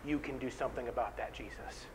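This is a man pastor preaching to his congregation with earnest, direct appeals. His voice sits at an ordinary middle pitch, and a faint hum runs behind it. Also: fast, low-quality recording. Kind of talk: sermon.

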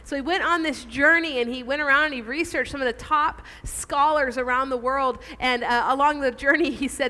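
A woman with a high, bright voice preaches to her congregation. She is earnest and emphatic and asks her listeners direct questions. The sermon is delivered in a church. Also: fairly quick, hardly any pauses. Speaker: pastor.

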